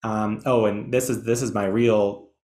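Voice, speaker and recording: A man's voice: on the low side, level tone, a little slow, a little mellow, reverberant. A man presenting an educational webinar in a chatty, enthusiastic way, with some self-deprecating asides. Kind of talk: webinar lecture.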